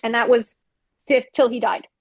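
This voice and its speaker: A woman's voice: on the high side, fairly even intonation, moderate pace, breathy edge, dry recording. A woman in her fifties, a podcast guest, telling a personal story in a frank, emphatic way and acting out old arguments. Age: 50s.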